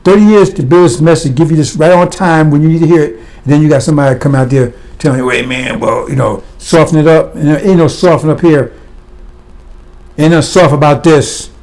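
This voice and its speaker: A man's voice: on the high side, a little fast, darkish tone. A man preaching a fiery sermon, blunt and impassioned, firing rhetorical questions at his listeners.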